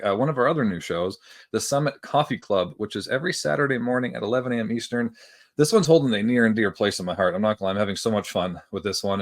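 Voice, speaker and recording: In this podcast interview, a man does the hosting with lots of enthusiasm. His voice sits fairly low, and he talks with a cheerful, eager energy. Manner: upbeat and enthusiastic, with a self-mocking aside. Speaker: podcast host.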